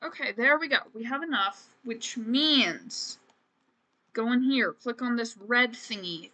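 A fairly high, bright voice with a forceful tone and a slightly slow delivery belongs to a woman streamer playing a life-sim game. She keeps things casual and chatty, runs herself down, and says "man" and "frickin'" a lot.

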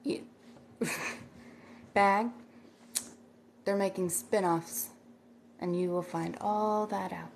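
A woman's voice: mid-range voice, steady tone, slow, gravelly, long pauses, a little mellow, a little hiss or hum. A middle-aged woman chatting casually on a livestream, rambling and thanking viewers by name as she reads their comments.

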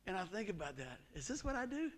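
A middle-aged man preaching a sermon in a folksy, animated way, his pitch and volume jumping often. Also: quick pace. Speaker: pastor.

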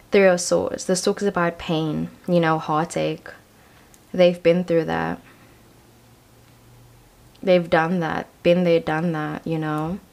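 A woman's voice: lowish voice, creaky, darkish tone. A young woman giving a casual tarot card reading, talking in a chatty, slangy way full of "like" and "I feel like". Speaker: tarot reader.

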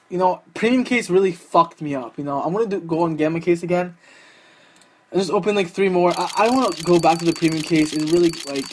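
A young man hosting a gaming channel, giving excitable, profane live commentary while opening game cases, swinging between hype and groaning despair. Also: fairly high pitch, background noise.

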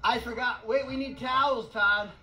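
A man running an animal sanctuary, chatting excitedly and rambling with lots of laughter in a casual fundraising video outdoors. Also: extremely high pitch, normal speed, a little hiss or hum, rough recording. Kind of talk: casual fundraising vlog chat.

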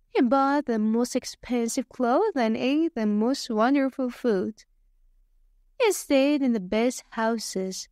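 Slow, careful woman storyteller. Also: fairly high pitch, warm tone, no echo, studio quality. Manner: slow, careful, clearly spaced reading. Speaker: storyteller for English learners. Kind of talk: slow scripted story narration.

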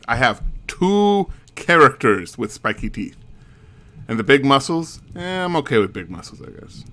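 A man's voice: mid-range voice, bright, forceful tone. A man hosting a let's play with casual, chatty, self-mocking game commentary.

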